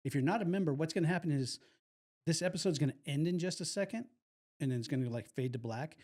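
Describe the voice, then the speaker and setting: Rambling male podcast host, slightly high. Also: quick pace, a little mellow. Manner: rambling, repeats himself, upbeat. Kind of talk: casual live podcast chat.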